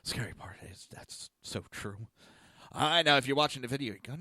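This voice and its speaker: A man hosting a talk podcast, delivering a blunt, crude monologue that swings between loud ranting and low, muttered asides. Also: animated, moderate pace, no echo. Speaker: podcast host. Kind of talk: opinionated talk show monologue.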